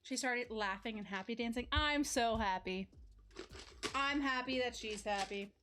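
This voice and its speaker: A woman's voice: a little high, measured pace, background noise. A young woman streaming from home on a corded mic, chatting with her viewers and yelping now and then as she juggles and works up a sweat. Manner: chatty, reads chat aloud, bursts into yelps while juggling. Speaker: live streamer. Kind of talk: casual live-stream chat.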